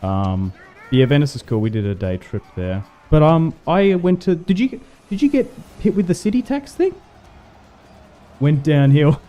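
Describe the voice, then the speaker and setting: A man's voice: fairly high pitch, big pitch swings, normal speed, warm tone, muffled recording, faint music behind. A man chatting casually with his stream while playing a strategy game, rambling with fillers and laughs. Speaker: livestream gamer.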